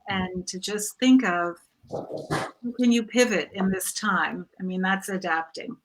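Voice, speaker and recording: A woman, an author and panel guest, sharing reflective advice in a calm, measured way. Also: medium pitch, low-quality recording.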